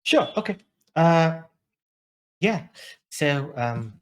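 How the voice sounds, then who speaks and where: A man's voice: mid-range voice, expressive, moderate pace, sharp tone. Hesitant playful man at the game table. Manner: hesitant, many fillers, playful. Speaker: player. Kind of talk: playing a duet tabletop game.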